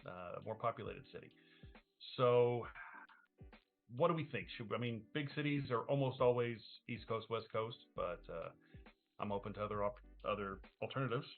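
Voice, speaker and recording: A man's voice: fairly low pitch, normal speed, creaky, faint music behind. Easygoing man running a game, tinny line. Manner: easygoing, asks the table questions. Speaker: game master. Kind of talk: casual tabletop game planning. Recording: tinny, phone-like stream audio.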